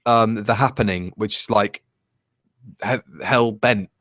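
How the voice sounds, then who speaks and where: A man's voice: fairly low pitch, slow, fairly bright tone, no room sound. A man co-hosting a casual review chat, ranting in an exasperated, sarcastic way. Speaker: co-host.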